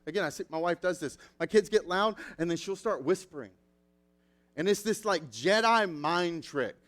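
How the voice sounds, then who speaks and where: A man preaching a sermon as pastor, telling stories with animated acted-out quotes. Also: high voice, fairly quick.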